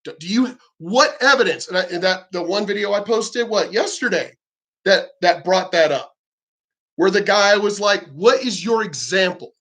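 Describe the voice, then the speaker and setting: High-voiced man ranting angrily. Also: normal speed, a bit bright. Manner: profane, heated, stammering restarts. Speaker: vlogger. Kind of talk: angry ranting monologue.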